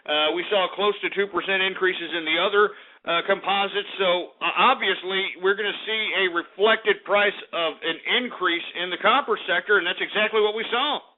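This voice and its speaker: A man's voice: sits high, moderate pace. A male talk radio host giving ranting market commentary, cursing often and blowing up in anger. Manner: profane, angry outbursts, swearing often. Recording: tinny phone-like radio audio.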